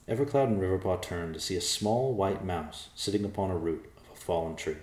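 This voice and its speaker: A man narrating a storybook aloud in an expressive way. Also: sits low, brisk, hardly any pauses. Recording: roomy echo.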